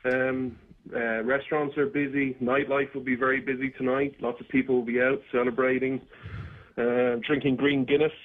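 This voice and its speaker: A man's voice: medium pitch, flat delivery, moderate pace. A man from Ireland with an Irish accent, calling in to a radio show and speaking hesitantly with many fillers. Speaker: caller. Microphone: internet call. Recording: tinny internet call line.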